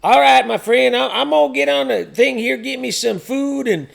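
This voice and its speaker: A man's voice: extremely high pitch, moderate pace, gravelly, heavily acted. A man voicing a folksy, grumpy old churchgoing man who rambles and scolds in rustic grammar on a prank phone call. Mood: rambling. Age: older. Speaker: scam baiter.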